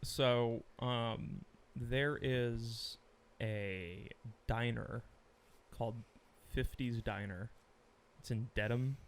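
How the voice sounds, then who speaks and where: Laid-back man chatting, mid-pitched. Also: very slow. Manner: animated, laughs often, swears casually. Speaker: podcast co-host. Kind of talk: casual chat.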